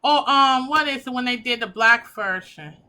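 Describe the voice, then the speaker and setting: A woman's voice: fairly high pitch, normal speed, bright, forceful tone. A woman giving a pick-a-pile tarot reading, talking casually and emotionally, gushing and swearing as she reads the cards. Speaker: tarot reader.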